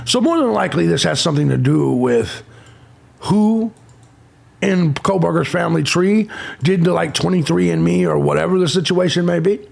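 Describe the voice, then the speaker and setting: Brief: man, true crime commentator, very gravelly and husky, abrasive rants. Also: on the high side, normal speed, darkish tone. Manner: abrasive, insulting, sarcastic. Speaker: true crime channel host. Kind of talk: profane ranting commentary.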